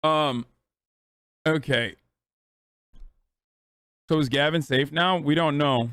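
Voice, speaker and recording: A man's voice: on the high side, slow, fairly bright tone, clean tone, no room sound. A man streaming live, reacting to clips with loose, profane, rambling commentary.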